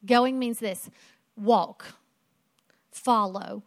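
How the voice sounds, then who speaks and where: A woman's voice: a little high, very slow, no room sound. A woman preaching a sermon in an emphatic way, asking rhetorical questions and repeating phrases for effect.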